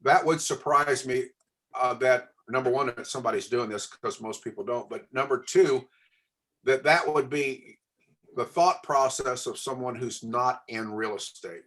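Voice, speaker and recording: Male trainer, even mid voice, talks a class through phone scripts. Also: medium pitch, a little slow. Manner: coaching, asks the class questions. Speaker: real estate trainer.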